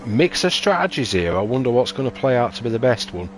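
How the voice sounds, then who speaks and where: A man commentating a sim racing league race, calling tyre strategy in a steady, analytical way. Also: medium pitch, fast, a little hiss or hum.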